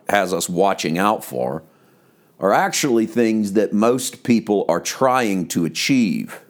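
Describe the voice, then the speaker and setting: A man, a pastor, giving a conversational devotional podcast teaching, slowing down to stress key words. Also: fairly low pitch.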